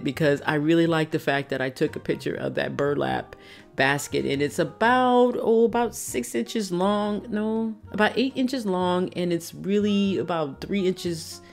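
An older woman chatting casually through a scrapbooking process video, rambling and often laughing at herself. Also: low-pitched. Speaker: scrapbooking vlogger. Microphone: phone camera. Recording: soft background music.

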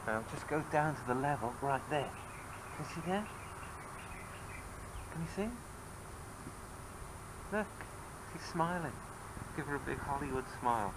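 In a home video shot at the family house, a man with medium pitch talks a little slowly and pauses often while playfully coaxing and teasing his toddler with animation. Background noise comes through the camcorder microphone.

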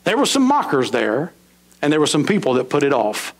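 A middle-aged man preaching a sermon in a church sanctuary, his voice pitched a touch high for a man. He leaps upward on emphatic lines and then sinks low and slow to drive each point home. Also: huge pitch swings. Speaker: pastor.

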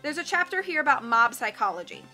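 Lady reading as a smart bookish kid, patient explainer, bright storybook voice. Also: sits high, very animated, fast talker, soft background music, heavily acted. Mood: explaining. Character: clever bookish boy, calm explainer.

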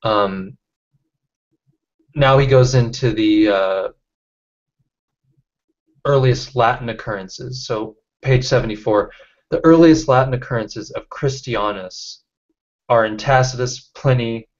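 A man leading a casual online study group, reading out chat comments and talking with halting restarts over a video call. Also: mid-range voice. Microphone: computer mic on video call. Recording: dull lo-fi call audio.

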